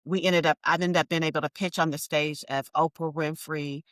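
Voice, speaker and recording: A woman with a fairly low voice tells her own story as an interview guest. She talks in an animated, emphatic way and speaks straight to the listeners. The sound is dry and close. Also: a little fast, no echo. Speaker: entrepreneur guest.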